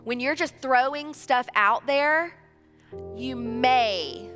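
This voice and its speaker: A woman in her thirties preaches to a church, her voice bright and a touch high. She talks chattily and acts out short conversations. The sound rings through a large hall, with soft music behind. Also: slow. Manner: chatty, animated, acts out dialogue. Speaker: church speaker. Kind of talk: sermon.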